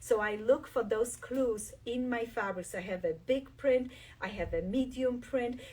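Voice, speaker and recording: Enthusiastic quilting host, a bit off-mic. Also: female voice, fairly high pitch, a little slow, mellow, husky, distant mic. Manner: enthusiastic, shows fabrics while talking. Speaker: quilt designer hosting a live stream. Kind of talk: live craft demonstration.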